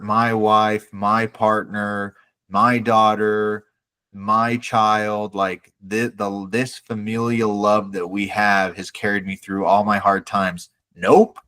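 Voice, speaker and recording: Animated low-voiced podcast man. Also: slow pace. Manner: animated, acts out characters' lines in raised voice. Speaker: podcast co-host. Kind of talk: casual chat.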